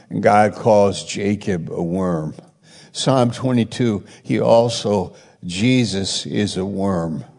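A man preaching a sermon and teaching from the Bible, rambling and correcting himself as he retells stories with rising excitement. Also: lowish voice, vocal fry. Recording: long hall reverb.

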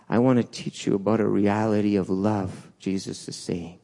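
A man preaching a sermon in a church, swinging between loud urgent peaks and soft low asides, with restarts along the way. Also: steady tone, moderate pace, gravelly, few pauses. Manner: passionate, rises and falls, restarts, acts out quotes.

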